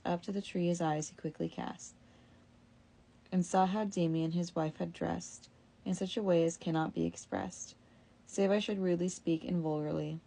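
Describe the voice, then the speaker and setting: A woman reading an old verse tale aloud in a steady, measured storytelling manner. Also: on the low side, creaky. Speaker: reader.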